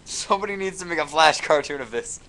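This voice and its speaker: A man's voice: fairly high pitch, lively intonation, fast talker, bright, forceful tone, a little hiss or hum, low-quality recording. A man co-hosting a let's play, reading viewer comments aloud with wry jokes. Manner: wry, reads viewer comments, laughs often. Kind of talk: casual game commentary.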